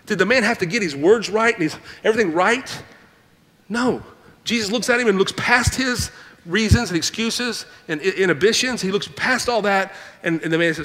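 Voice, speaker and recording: A man preaching in a church with a high, bright, forceful voice. He reads scripture, then breaks into animated asides and acts out the people he quotes. The sound carries a long hall reverb. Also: moderate pace. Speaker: pastor. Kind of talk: sermon. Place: church sanctuary.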